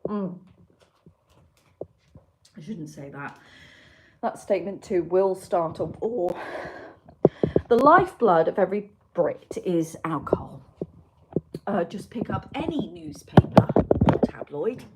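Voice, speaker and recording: A woman from England with a Yorkshire accent hosts a casual livestream from a room at home, chatting with her live chat, mocking herself and swearing freely. Her voice is lowish and very animated but slow, with long pauses. The computer mic picks up heavy background noise.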